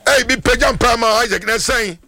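A man's voice: very high-pitched, fairly quick, bright, forceful tone, dry recording, clean studio sound, faint music behind. A middle-aged Ghanaian man, a pastor praying fervently for callers on a radio call-in, in a sing-song declaring cadence.

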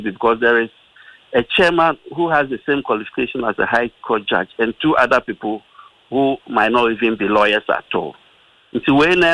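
Ghanaian lawyer with a bright, dry voice. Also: male voice, mid-range voice, dry recording, low-quality recording. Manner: deliberate, reads constitutional clauses, mixes Twi and English, many hesitations. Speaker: lawyer, radio guest. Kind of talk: talk radio discussion.

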